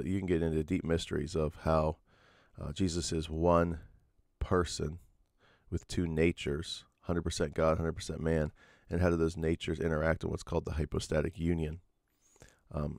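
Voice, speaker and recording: Male pastor, deep voice, earnest teaching sermon with restarts, dry sound. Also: creaky, darkish tone, no echo. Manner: earnest, explanatory, with frequent fillers and restarts.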